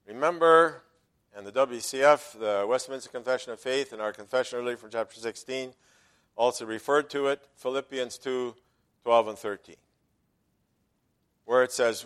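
A man preaching a sermon as pastor, emphatic, dropping to quiet asides and rising loudly on quoted verses. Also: medium pitch, moderate pace, clear, resonant tone.

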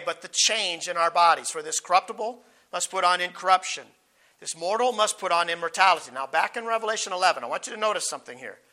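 A man preaching a Bible teaching sermon, reading scripture slowly with emphasis and stumbling through asides, his voice going hoarse as he clears his throat. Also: sits high, sharp tone.

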